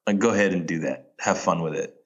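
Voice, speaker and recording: A man in casual podcast chat, relaxed and laughing often, with many "like"s and "you know"s, talking about filmmaking. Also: sits low, fast talker, muffled recording.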